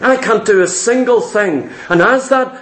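A male preacher delivers an impassioned sermon full of rhetorical questions and repeated phrases. His voice is very high, and it echoes around a roomy church hall. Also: unhurried, fairly bright tone. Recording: echoey room.

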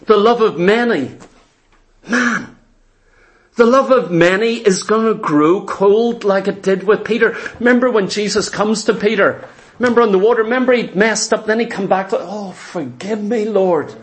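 A man preaching a fervent, emphatic sermon that repeats phrases for stress. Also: high-pitched.

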